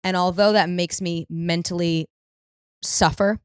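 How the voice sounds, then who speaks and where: A woman's voice: on the low side, measured pace, clear, resonant tone, no room sound, studio quality. A young woman hosting a podcast, telling rambling, profane stories in a casual comedic monologue. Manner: rambling, profane, animated storytelling. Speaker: podcast host.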